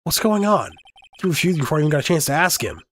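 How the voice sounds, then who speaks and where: A man reading a visual novel game aloud for a video, switching into animated lines for the characters. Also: a little high, fast. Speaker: gaming YouTuber.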